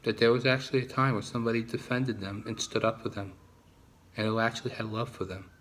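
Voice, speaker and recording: A man's voice: mid-range voice, little pitch movement, fast talker, fairly bright tone. A man with a New Jersey accent talking in a casual, rambling vlog monologue, often restarting and repeating himself. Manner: repetitive, frequent restarts. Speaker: vlogger.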